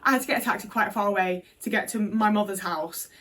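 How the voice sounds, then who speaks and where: A woman's voice: medium pitch, fast talker, a bit bright, far from the mic, slight background noise. A woman candidly telling a personal story in a vlog, swearing often and leaning on fillers as she talks. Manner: frank, emotional storytelling with many fillers and swearing. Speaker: vlogger.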